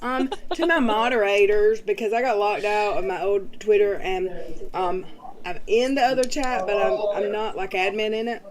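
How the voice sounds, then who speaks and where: A woman's voice: medium pitch, moderate pace, crowd noise. A woman hosting a casual livestream, rambling with fillers as she reads and answers chat comments. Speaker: livestream host.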